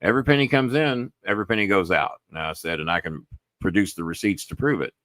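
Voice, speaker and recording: A podcast host with a deep, fairly bright voice talks fast, recorded dry and at studio quality. In a casual storytelling monologue, he rambles through a phone call he had, peppering it with "I said" asides and frequent swearing.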